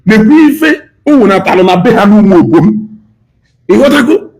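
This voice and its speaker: Man, Nigerian Igbo accent, high voice, preachy and scolding, emphatic repetition. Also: lively intonation, brisk, a little mellow, poor audio. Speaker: speaker addressing diaspora. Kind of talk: impassioned lecture mixing Igbo and English.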